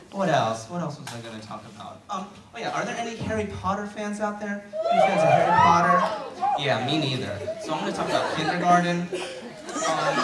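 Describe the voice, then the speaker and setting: A slightly high-voiced boy in his late teens does a stand-up set at a school auditorium, joking at his own expense in a chatty style with many fillers. The sound comes from far off, a handheld mic on a stand in an echoey hall, with heavy noise and a loudly laughing crowd.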